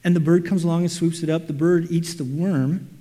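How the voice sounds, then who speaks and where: A man preaching a sermon, animated, acting out quotes and everyday scenes. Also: on the high side, a little fast. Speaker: pastor. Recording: reverberant hall.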